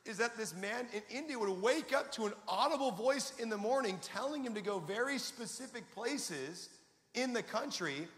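A man delivering an energetic, conversational sermon, his voice high and bright with a forceful edge. He calls out to the congregation for replies. The sound carries the long reverb of a large hall. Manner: energetic, conversational preaching with audience call-and-response. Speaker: pastor.

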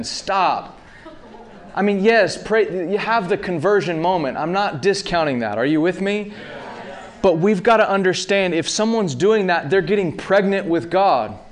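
A man in his thirties delivers a sermon in a fairly high voice. He talks casually to the crowd, calls out to them to check they're following, and rises into loud, fervent passages. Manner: rising to loud impassioned peaks, calls to the audience. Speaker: preacher.

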